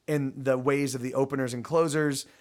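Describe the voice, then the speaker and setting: A man's voice: mid-range voice, fairly even intonation, moderate pace, a little mellow. A man narrating a tabletop game as game master, rambling with many restarts.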